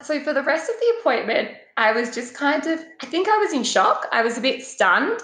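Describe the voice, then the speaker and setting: Animated young woman, roomy sound. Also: fairly quick. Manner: animated, swears, acts out quoted voices with big pitch jumps. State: pregnant. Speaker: guest telling a personal story. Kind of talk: casual storytelling. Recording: roomy echo.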